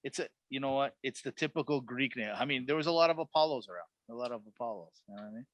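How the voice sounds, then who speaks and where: A man's voice: medium pitch, quick pace, no echo, highs cut off. A man co-hosting a sports podcast, teasing and wisecracking through casual banter. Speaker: podcast co-host.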